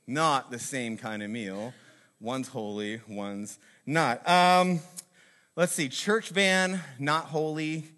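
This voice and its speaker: A man's voice: on the high side, normal speed, a bit bright. Joking Southern-raised man telling stories. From American South. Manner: joking, self-mocking, rambling with many fillers. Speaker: video host. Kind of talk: casual comic storytelling to camera.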